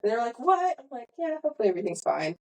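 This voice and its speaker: A woman's voice: on the high side, sing-song, very fast, vocal fry, mellow, poor audio. A young woman hosting a podcast, telling a long story in a rambling, self-correcting way. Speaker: podcast host. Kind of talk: casual storytelling chat.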